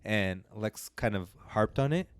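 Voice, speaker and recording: In a casual podcast chat, a male co-host rambles through a lengthy retelling, frequently starting over. He has a lowish, expressive voice and takes his time. The recording is dry.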